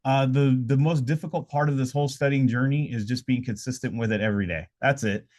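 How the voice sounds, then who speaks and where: A man talks quickly in a darkish, mid-range voice while hosting a casual live podcast indoors, with noise in the room. His motivational remarks ramble loosely, with plenty of "uh"s and restarts.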